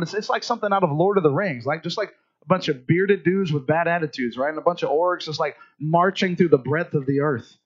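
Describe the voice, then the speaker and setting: Male pastor, high voice, animated storyteller, slightly muffled recording. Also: a little fast. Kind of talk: sermon.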